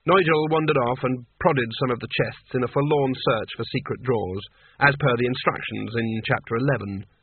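A man's voice: mid-range voice, brisk, husky, no room sound. Man reading a storybook, tinny. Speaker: audiobook narrator. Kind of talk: scripted narration. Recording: tinny narrow-band, dry.

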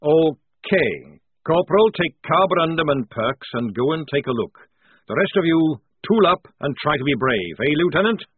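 A man voicing a gruff older male army sergeant who gives curt, commanding orders, on a narrow phone-like recording. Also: on the high side, fast, few pauses, dry recording, pitched above the performer's own voice.

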